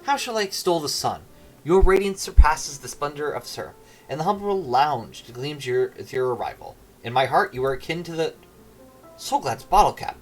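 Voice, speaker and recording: A man reading a gushing, flattering servant from a game aloud. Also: fairly high pitch, normal speed, soft background music, close to an everyday voice. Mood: fawning. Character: flattering fawning male servant.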